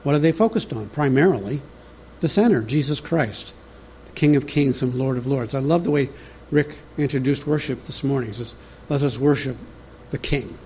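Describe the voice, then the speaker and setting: Mellow-voiced male pastor preaching. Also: medium pitch, a little fast, creaky, hardly any pauses, slight background noise. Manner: conversational, teaching from an outline, talks directly to the congregation. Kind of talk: sermon.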